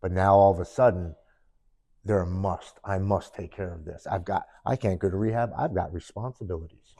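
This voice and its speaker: Guest, man, very low voice, earnest first-person storytelling in the present tense, sit-down interview. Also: steady tone, moderate pace, warm tone. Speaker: podcast guest. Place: studio, in person with hosts.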